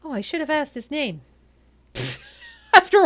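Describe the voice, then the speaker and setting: A woman's voice: high-pitched, slow pace, long pauses. A woman streaming a horror game, chatting casually and swearing a lot as she reacts. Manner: excitable and swears freely. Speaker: gaming streamer.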